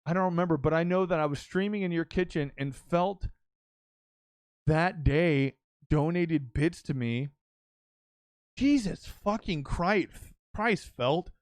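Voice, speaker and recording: A young adult man hosting a podcast, telling an excitable, swear-heavy story in casual chat with many restarts. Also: fairly high pitch, a little slow, smooth, no room sound. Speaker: podcast host and streamer.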